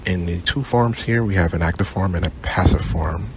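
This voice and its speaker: A man giving a class project presentation over slides, halting with fillers and unsure of foreign words. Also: low-pitched, very noisy. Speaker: student presenter.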